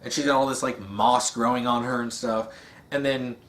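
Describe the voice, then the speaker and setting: Guy rambling through a casual monologue, lots of ums, middle pitched voice. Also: steady tone, normal speed, fairly bright tone. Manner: rambling, many fillers and restarts. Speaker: video essayist.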